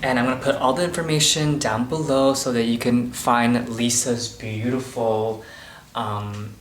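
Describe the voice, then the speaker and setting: A man's voice: mid-range voice, steady tone, measured pace, echoey room, slight background noise, poor audio. A man vlogging and talking about painting in a loose, musing way, full of "like" and "you know", indoors in a townhouse. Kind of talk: casual vlog talk. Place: indoors in a townhouse at an artist residency.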